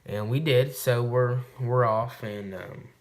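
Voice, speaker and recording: A man's voice: mid-range voice, takes it slowly. A man vlogging to camera, telling a hunting story in a rambling, swearing, casual way. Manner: rambling and profane, recounting a hunt.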